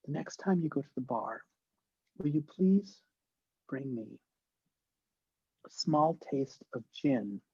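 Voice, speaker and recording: A man's voice: mid-range voice, animated, slow, long pauses, darkish tone, slightly rough, no echo, dull audio, heavily acted. A man doing a haughty grand old film diva. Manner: grand theatrical delivery, shrieking when angry. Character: imperious older female film actress, haughty, short-tempered.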